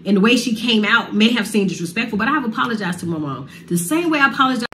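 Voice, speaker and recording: A woman's voice: a little high, animated, rapid-fire, fairly bright tone, a little hiss or hum. A woman talking with passion about a family falling-out, heartfelt and casual. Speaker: singer telling her side of a family feud. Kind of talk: emotional sit-down talk.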